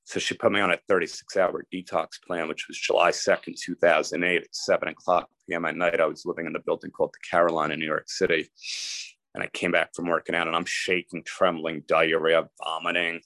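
A man's voice: low voice, little pitch movement, fairly quick, sharp tone, dry recording. A middle-aged man telling his personal story candidly and conversationally as a podcast guest.

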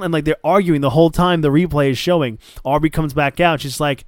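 A man's voice: a little high, fairly quick, few pauses, no echo, clean studio sound. A man hosting a podcast, retelling a match in casual chat with eager, rambling enthusiasm. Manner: enthusiastic, rambling play-by-play recap. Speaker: podcast host.

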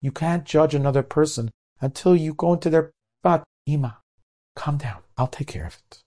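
A man doing a soft-spoken humble young woman. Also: on the high side, fairly even intonation, a little fast, voice pushed up, lightly acted. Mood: calm. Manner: soft, gentle, quiet. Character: calm, humble young woman in her twenties.

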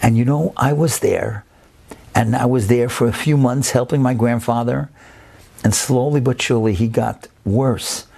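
A man telling a story expressively, building slowly and dropping to a whisper at times. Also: medium pitch, vocal fry, a little mellow, slightly rough. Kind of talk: told personal-style story.

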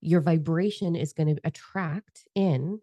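A woman co-hosting a podcast, talking bluntly and casually, swearing freely and telling animated stories. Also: deep voice, measured pace, no room sound. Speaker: podcast co-host.

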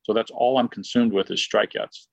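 A man with a lowish, gravelly voice tells a personal story in a loose, rambling way, full of fillers, restarts and acted-out quotes. The recording sounds dull and lo-fi, with a dry, close sound. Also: fairly even intonation, normal speed, no echo. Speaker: guest, former baseball player. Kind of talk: casual anecdotal storytelling.

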